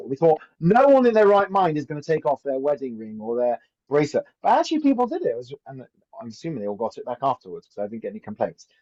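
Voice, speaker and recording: Rabbi guy giving a chatty class, warm dark voice, kinda lo-fi sound. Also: a little high. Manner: chatty, anecdotal, frequent "right?". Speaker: rabbi teaching a Torah class. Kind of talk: informal Torah class. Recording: dull lo-fi recording.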